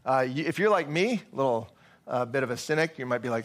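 A man's voice: medium pitch, expressive, brisk, a bit bright. Conversational male pastor giving a sermon. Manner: conversational, with frequent fillers and restarts.

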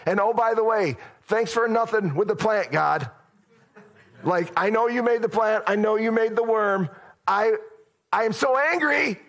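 A man voicing an angry, petulant prophet who rants and rises to shouting during a sermon. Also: high voice, measured pace, creaky, pitched above the performer's own voice, full character voice. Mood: furious whining. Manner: ranting, rising to shouting. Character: furious sulking grown man prophet, petulant.

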